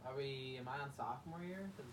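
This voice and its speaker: A young man with a mid-range voice hosts a casual podcast, full of teasing, swearing jabs at his friend. He sits away from the mic, and clear background noise runs under his talk. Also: mid-range voice, fast talker, far from the mic. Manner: teasing, profane banter.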